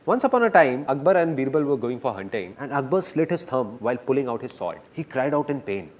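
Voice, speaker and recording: A man giving a playful, animated motivational speech to a live audience. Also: medium pitch, brisk, hardly any pauses. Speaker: motivational speaker.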